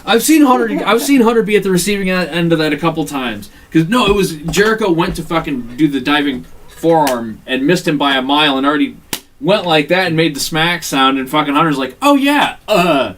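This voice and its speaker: A man co-hosting a casual chat podcast, swearing freely and breaking into quick impressions as he tells stories. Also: fairly high pitch. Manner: profane, animated, mimics voices mid-story. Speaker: podcast co-host. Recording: distant mic, faint room noise.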